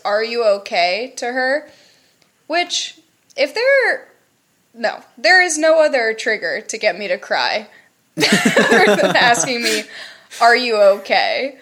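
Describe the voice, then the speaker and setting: A woman co-hosting a podcast in casual chat, giggly and animated as she tells stories. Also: on the high side. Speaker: podcast co-host.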